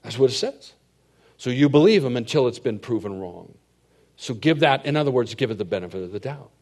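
A middle-aged man preaching a sermon as a pastor, telling stories and swinging from hushed asides to loud, emphatic points. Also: mid-range voice, expressive, a little fast.

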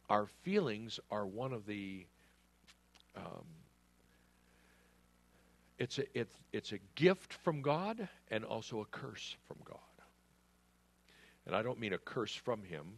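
Earnest low-voiced male preacher. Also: expressive, takes it slowly, long pauses, slight background noise. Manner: earnest, emphatic, acts out quoted prayers. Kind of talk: sermon.

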